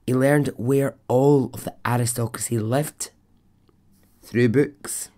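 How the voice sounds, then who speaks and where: Guy telling a story on his podcast, slow and easygoing, laughs a lot, chats right at you. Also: mid-range voice, steady tone, warm tone. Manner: chatty, laughs often, talks straight to the listener. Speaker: podcast host. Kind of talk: casual storytelling.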